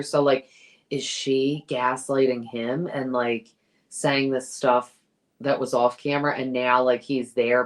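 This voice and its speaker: A woman guest on a podcast, chatting casually and gossiping, acting out quotes with many fillers. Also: extremely low pitch. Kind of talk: casual chat.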